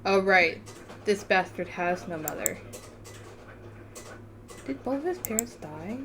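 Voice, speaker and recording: A group of taunting schoolboy bullies in a story game, read by a woman in close to her normal voice throw out mocking, jeering lines. The pitch stays at a middle level, with faint hiss under it. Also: expressive, takes it slowly.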